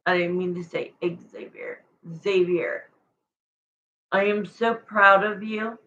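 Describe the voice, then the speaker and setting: A woman's voice: mid-range voice, steady tone, slow, a bit bright, dull audio. A woman giving a live tarot reading to viewers in a rambling, emotional, chatty way, searching for words as she goes. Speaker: tarot reader.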